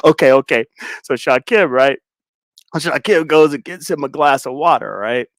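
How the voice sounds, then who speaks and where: A young man streaming, telling a story in a casual, animated way, repeating words and laughing loudly. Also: on the high side, normal speed, no echo, clean studio sound.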